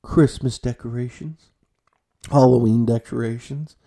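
A young man rambling casually to his viewers in a loose, profane monologue, often trailing off quietly at the ends of phrases. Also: steady tone, unhurried, creaky. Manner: gets loud and high when retelling his own panicked reactions. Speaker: vlogger.

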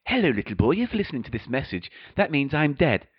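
A man's voice: mid-range voice, sing-song, quick pace, husky, muffled recording. A man voicing a vengeful dead male shop owner who speaks through a recorded message and counts down with menace. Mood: menacing.

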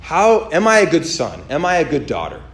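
A man preaching on a podcast, telling stories with lively acted-out voices and many fillers. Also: a little fast, vocal fry, roomy sound. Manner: animated storytelling, acts out voices with big pitch jumps. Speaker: pastor. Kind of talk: sermon on a podcast.

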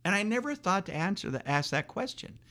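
A man's voice: high-pitched, sing-song, brisk, bright, forceful tone. A man telling a personal story in an interview, earnest and rambling with many restarts. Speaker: interviewee, father.

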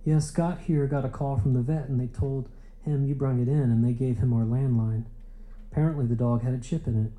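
A nervous country husband explaining himself in plain homespun words, his tone deep and mellow, read by a male audiobook narrator. his delivery stays close to an everyday speaking voice. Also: fairly even intonation, fairly quick, natural voice, low-quality recording. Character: rural husband, anxious and eager to explain.

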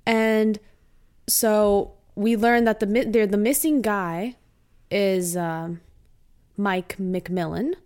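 A woman's voice: mid-range voice, takes it slowly, clean tone. A woman co-hosting a podcast, casually and animatedly recapping a TV episode with laughter. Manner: animated, laughs while retelling. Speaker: podcast co-host.

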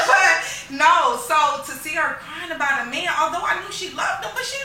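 Young woman co-host, lively, slangy storyteller, bright voice, roomy distant mic. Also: very high-pitched, moderate pace. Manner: animated, slangy, acts out quotes. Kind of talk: casual storytelling chat. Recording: echoey room, mic at a distance.

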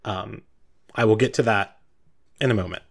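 Male game master, low voice, casual, halting narration. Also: gravelly. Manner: casual, self-deprecating, halting with fillers.

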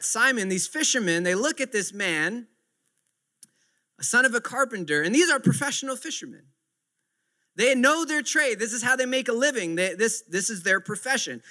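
High, bright-voiced preacher man. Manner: earnest, repetitive emphasis. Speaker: pastor. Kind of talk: sermon.

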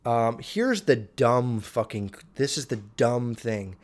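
A young man riffs through a list in a loose, crude monologue, swearing freely between lines. His voice sits at an ordinary middle pitch, and he often trips over longer words as he reads them aloud. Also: animated, slow. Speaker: vlogger. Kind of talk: casual profane monologue.

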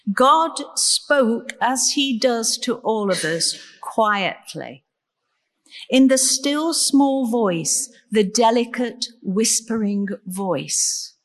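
Slow-preaching woman in an echoing hall. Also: mid-range voice, a bit bright. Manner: slow, measured, with rhetorical questions. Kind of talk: sermon. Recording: long reverb in a large hall.

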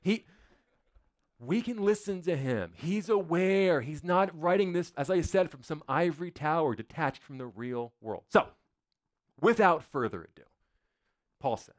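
A man's voice: on the high side, expressive, a little slow. A male pastor preaching a sermon in a church, in a conversational, joking way full of rhetorical questions.

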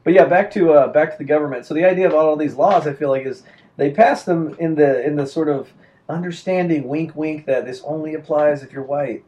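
A man's voice: fairly high pitch, a little fast, warm tone, highs cut off. A young adult man chatting casually and telling a rambling story, full of restarts and fillers.

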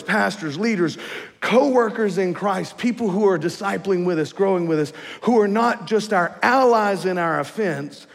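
A man's voice: high voice, creaky. A man, preaching a sermon as pastor in a folksy, conversational way, often asking the congregation questions. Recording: long hall reverb.

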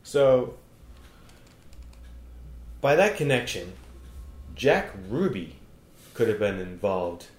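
A man co-hosting a comedy podcast, feeding deadpan leading questions in a joking chat. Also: lowish voice, slow pace, pauses often. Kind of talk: joking conversational banter. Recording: roomy echo.

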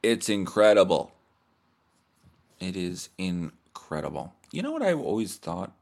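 A man's voice: low-pitched, wildly swooping pitch, moderate pace, vocal fry, darkish tone, husky. A man hosting his podcast from his bed, ranting in a crude, sardonic, rambling way without a proper microphone. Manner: profane, sardonic, rambling rants. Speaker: podcast host. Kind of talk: crude comedic monologue. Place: in bed at home. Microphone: cheap or built-in mic.

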